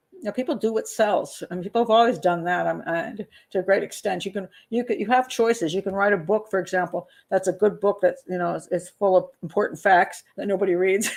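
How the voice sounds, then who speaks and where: Her voice is mid-range and creaky: an older woman who works as a criminal profiler, casually hosting a live stream and reading viewer comments. She rambles, filling the chat with fillers and small laughs.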